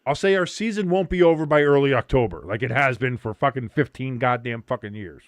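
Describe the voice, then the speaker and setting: A man's voice: mid-range voice, brisk, no echo. Male stream host, casual, rambling, profane, dry sound. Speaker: host of a sports watch-along stream. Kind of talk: casual livestream chat.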